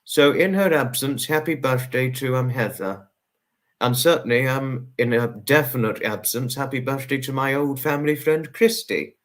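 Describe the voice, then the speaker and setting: A man hosts a live stream and reads out his chat, greeting and thanking each viewer in turn. His voice sits at an ordinary medium pitch. He is effusive and repeats himself, slowing down to linger on people's names. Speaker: livestream host.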